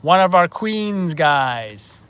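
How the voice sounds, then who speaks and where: A man hosts a live news stream, tossing out chatty, rambling remarks to his viewers. His speaking voice sits noticeably high for a man. He talks off-the-cuff, drifting between thoughts. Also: big pitch swings, takes it slowly, a bit bright, clear, resonant tone.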